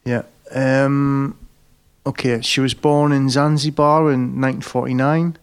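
Gravelly deadpan podcast man. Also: mid-range voice. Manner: deadpan joking, swears, quick asides. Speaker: podcast co-host. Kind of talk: casual chat.

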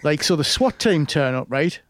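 Brief: man, casual chatty storyteller, a touch higher pitched, dry close sound. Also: lively intonation, normal speed, dry recording. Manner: rambling storyteller, many fillers and restarts. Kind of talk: casual chat.

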